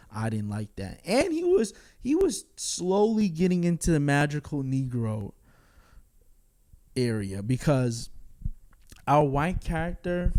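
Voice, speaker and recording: A man's voice: mid-range voice, warm tone. A man giving a casual, candid spoken film review, talking bluntly with frequent fillers and chuckles.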